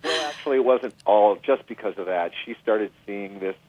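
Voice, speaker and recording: A middle-aged man, a guest musician, telling a story in a casual interview, animated and full of restarts and asides. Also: fairly low pitch, moderate pace, no room sound. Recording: dry tinny phone line.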